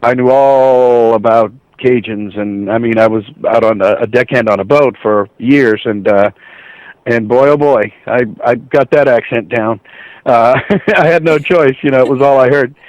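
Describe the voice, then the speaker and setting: Middle-aged male guest, lively storyteller who acts out quoted lines; dry, muffled recording. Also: mid-range voice, normal speed, dry recording. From Ohio, USA. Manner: animated anecdotes, acts out quoted voices. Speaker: voice actor, guest. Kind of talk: casual storytelling interview.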